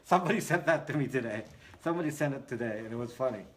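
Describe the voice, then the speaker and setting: A livestream host answers viewer comments with sarcastic jokes, laughing frequently and drifting into rambling asides. His mid-range voice is animated and rapid-fire.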